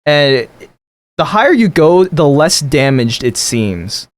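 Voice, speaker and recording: A man's voice: on the high side, sing-song, slow pace, dry recording. A man narrating as game master in loose, laughing speech with many fillers.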